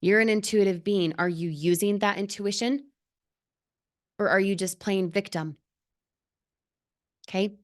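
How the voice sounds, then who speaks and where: A woman's voice: mid-range voice, a little slow, pauses often. A woman leading a live motivational training for her team, speaking earnestly and emphatically with lots of rhetorical questions. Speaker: team leader.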